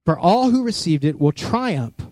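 A man preaching a sermon in a church, animated, acting out voices and sounds as he tells the story. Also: a little high, measured pace. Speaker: pastor.

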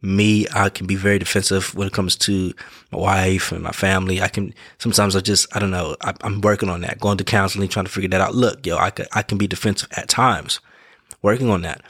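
A man's voice: deep voice, fairly even intonation, a little fast, a bit bright, slightly rough, no room sound, clean studio sound. A man giving casual motivational advice in an earnest way, repeating his points, correcting himself and checking in with the listener. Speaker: vlogger giving life advice.

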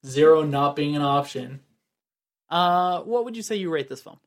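A man chats about a movie with friends in a teasing, animated way. His pitch swings a lot as he talks. He sounds like a host steering the talk. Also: moderate pace. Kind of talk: casual movie review chat.

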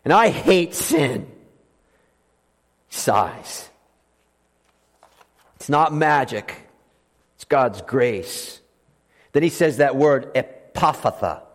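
A man preaching a sermon as pastor, swinging between loud emphatic lines and soft hushed ones. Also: medium pitch, animated, drawn-out words, pauses often. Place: church sanctuary. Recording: long reverb of a church hall.

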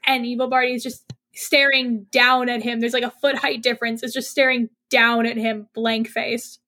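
A woman running a tabletop game as game master over a video call, brisk and bossy, swearing freely. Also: fairly high pitch, level tone, bright, forceful tone. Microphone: video call mic.

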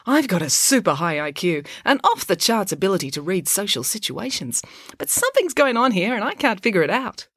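A woman's voice: mid-range voice, big pitch swings, fairly bright tone, breathy edge, no echo, studio quality, pitched above the performer's own voice. A woman voicing a bossy, very confident know-it-all girl who talks smugly and persuasively in a storybook reading. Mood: insistent. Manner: smug, persuasive, fast-talking.

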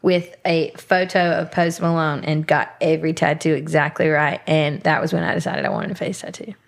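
A woman's voice: low voice, fairly even intonation, normal speed, gravelly. A woman hosting a podcast, rambling and upbeat in casual chat and laughing often. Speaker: podcast host.

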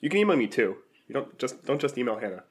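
A man's voice: medium pitch, big pitch swings, fast, husky. A man co-hosting a casual podcast, congested from a sinus infection, rambling with frequent ums and restarts. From US Pacific Northwest. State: congested, stuffed up. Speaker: podcast co-host. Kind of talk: casual chat.

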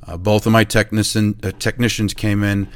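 A middle-aged man who owns a chimney service business tells a casual, animated story about his early work. He acts out the exchanges he describes and laughs at himself. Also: on the low side, moderate pace. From New Hampshire, USA.

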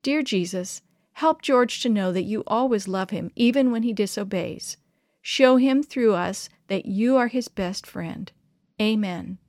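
A woman voicing a calm, kindly camp pastor who speaks gently. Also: mid-range voice, measured pace, dry recording, clean studio sound, close to an everyday voice. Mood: prayerful.

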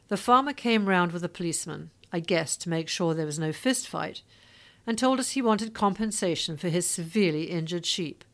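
A woman narrating a story in a steady, storytelling manner. Her voice sits low for a woman. The reading is scripted and even. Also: creaky. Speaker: audiobook narrator.

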